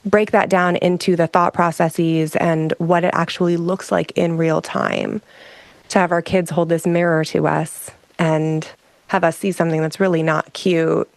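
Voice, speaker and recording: This emotional regulation specialist, a guest on a talk show, speaks frankly and thoughtfully about her own experience, restarting often. Her low voice has vocal fry and little pitch movement, her pace is moderate, and there's no echo.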